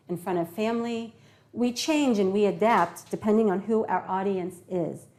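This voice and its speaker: A woman teaching an English class on public speaking, animated and acting out her examples. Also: mid-range voice. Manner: animated, demonstrates tones and acts out examples.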